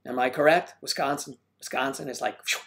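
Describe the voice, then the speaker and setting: An older man hosting a casual livestream, joking and rambling as he reads viewer comments, often clearing his throat. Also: medium pitch, fairly even intonation, a little fast, a bit bright, slight background noise. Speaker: host of a livestream. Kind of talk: casual live chat reading viewer comments.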